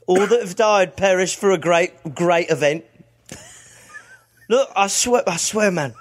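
A man voicing an excitable bloke who raves about a clown he once saw, laughing through his words and calling everyone mate. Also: high voice, measured pace. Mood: gushing. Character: excitable bloke, giddy eyewitness to a barrel clown.

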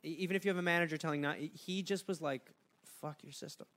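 A man's voice: on the high side, fairly even intonation, rapid-fire, a bit bright. A man co-hosting a comedy podcast, telling stories in casual chat and laughing often at his own jokes.

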